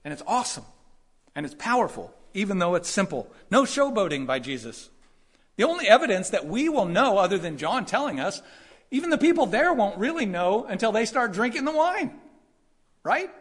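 A man delivers a conversational sermon as a Bible teacher, his voice sitting notably high for a man. He is animated and expressive, slipping into quick character voices for the people in the passage and laughing as he goes. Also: breathy edge. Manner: animated, acts out quoted voices, laughs often. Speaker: pastor.

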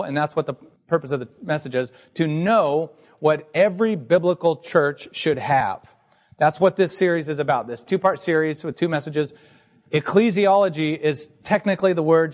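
A man's voice: a little high, in a large hall. A man pastor preaching an emphatic, teacherly sermon to his congregation in a church sanctuary.

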